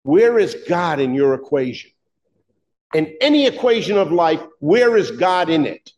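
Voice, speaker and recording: A man's voice: a little high, sing-song, unhurried, a little mellow, highs cut off. A man preaching a sermon in an emphatic, conversational way, asking his listeners pointed rhetorical questions.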